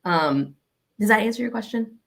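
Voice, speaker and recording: A young woman with a Southern American accent giving casual, animated advice and acting out the exchanges she describes. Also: mid-range voice, normal speed, vocal fry. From Arkansas, USA. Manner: animated, acts out quoted exchanges.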